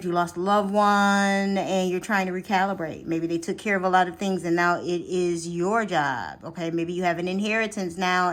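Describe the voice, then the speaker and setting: A woman giving a casual, unedited tarot reading to camera. She chats directly to her viewers, often checks in with "okay?", and her pitch and loudness swing widely as she talks. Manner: chatty, animated, addresses viewers directly with frequent "okay?". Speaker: tarot reader.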